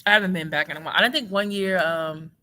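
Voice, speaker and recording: A woman with a Texas Southern drawl chats loosely on a livestream, her tone bright and sharp. She jumps between tangents and lands sarcastic asides with a teacher's ease. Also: on the low side, fast talker. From Houston, Texas. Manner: animated, sarcastic, digressive. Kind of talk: casual livestream commentary.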